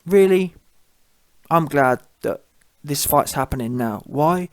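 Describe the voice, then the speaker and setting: A man's voice: on the high side, expressive, slow pace, no echo. Blunt mocking man, dry sound. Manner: blunt, mocking, laughs at own points. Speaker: channel host. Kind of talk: casual opinion monologue.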